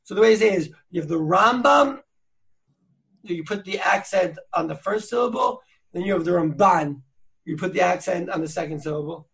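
A man's voice: high-pitched, fairly even intonation, fast, gravelly. A man hosting a podcast, teaching Torah sources in a chatty, slangy way with many fillers and restarts. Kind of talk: casual learning chat.

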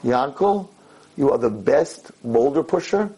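A man voicing God as calm and encouraging in a spoken parable. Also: mid-range voice, unhurried, slightly rough, dull audio. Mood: reassuring. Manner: calm, reassuring.

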